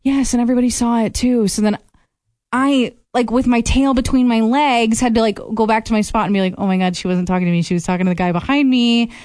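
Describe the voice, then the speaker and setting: A woman's voice: on the high side, a little fast, a little mellow, no room sound, clean studio sound. A young woman co-hosting a radio show, chatting casually and telling a story with easy laughs. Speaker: radio co-host.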